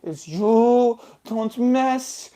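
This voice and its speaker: A woman voicing a swaggering, boastful male scientist who speaks in a slow, menacing chant. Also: on the high side, expressive, warm tone, pitched above the performer's own voice.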